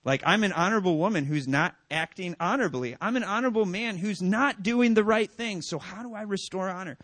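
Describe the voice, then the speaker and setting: Man, forties, pastor, sermon, earnest, emphatic, higher voice, dry close sound. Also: a little fast, dry recording. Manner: earnest, builds to loud emphatic passages.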